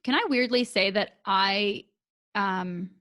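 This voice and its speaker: A woman hosting a podcast in casual chat, animated and laughing often, swearing freely. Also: mid-range voice, slow, dry recording, studio quality. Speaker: podcast host.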